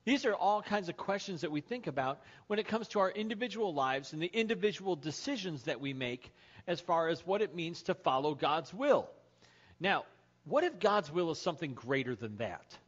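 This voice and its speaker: A man's voice: a little high, sing-song, moderate pace. A male pastor giving a sermon, opening with a told joke and acting out the lines of the characters. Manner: storytelling, acts out shouts in the joke. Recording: lo-fi sermon podcast audio.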